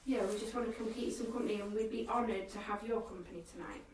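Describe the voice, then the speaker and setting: A woman's voice: medium pitch, fast talker, a little mellow. A woman chatting casually and coaxingly calling out to spirits while ghost hunting. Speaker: paranormal investigator. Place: abandoned farmhouse indoors. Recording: echoey room from far off, faint hiss.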